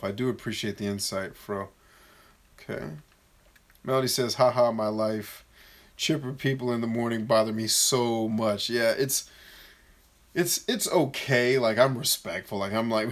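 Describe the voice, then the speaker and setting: Male streamer-coach, blunt and jokey, reads chat aloud, mid-pitched voice. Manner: blunt, joking, reads viewer comments aloud; mocks shrill voices in quick bursts. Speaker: vlogger and coach answering live chat. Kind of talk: casual live-stream Q&A.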